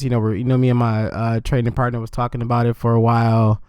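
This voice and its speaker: A man hosting a podcast, talking in a relaxed, halting way with fillers. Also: mid-range voice, smooth, dry recording, studio quality. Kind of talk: casual conversation.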